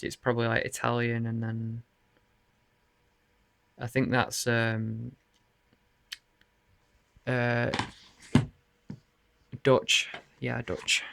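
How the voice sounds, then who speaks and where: Gravelly-voiced man chatting casually. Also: medium pitch, a bit bright, no room sound. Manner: rambling, laughing and swearing often. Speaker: video game collector showing his cases. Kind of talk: casual chat to camera. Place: bedroom.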